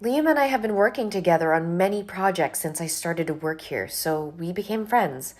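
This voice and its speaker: A woman's voice: fairly low pitch, animated, normal speed. A woman playing a fed-up young office worker. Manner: firm, exasperated, polite refusals. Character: young female office worker fending off a colleague. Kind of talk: scripted dialogue drama.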